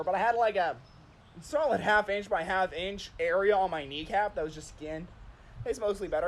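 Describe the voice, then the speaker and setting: A man with a high-sitting voice chats casually on a stream, rambling through stories, saying "like" a lot and laughing at himself. There's a little hiss or hum in the audio.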